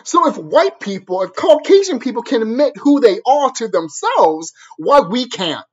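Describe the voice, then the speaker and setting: A man's voice: extremely high pitch, big pitch swings, moderate pace, breathy edge, highs cut off. A man vlogging in an angry, profane monologue, repeating phrases over and over as he drives his point home. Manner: angry, repetitive, hammering the same phrases.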